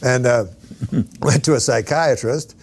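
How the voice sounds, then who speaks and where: Man, Canadian accent, gravelly, halting, deadpan, casual talk show chat. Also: mid-range voice, a little hiss or hum. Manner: halting, restarts, self-deprecating jokes. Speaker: comedian guest.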